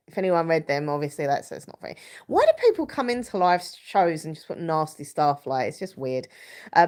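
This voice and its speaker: A woman's voice: lowish voice, clean tone. A woman, chatting loosely on a live stream. She sounds stuffy and congested from a cold, and she rambles along while reading out viewers' comments. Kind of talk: casual live stream chat.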